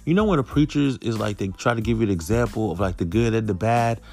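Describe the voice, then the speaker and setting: A man's voice: lowish voice, lively intonation, quick pace, vocal fry, darkish tone, faint music behind. Chatty middle-aged male stand-up comic. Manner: conversational, keeps saying okay. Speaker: stand-up comedian. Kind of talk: stand-up comedy.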